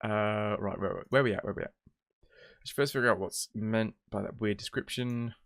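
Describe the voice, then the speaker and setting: A man's voice: fairly low pitch, normal speed, gravelly, fairly bright tone, no room sound, studio quality. Chatty man streaming a game. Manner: rambling, chatty, jokey. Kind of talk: casual gameplay commentary.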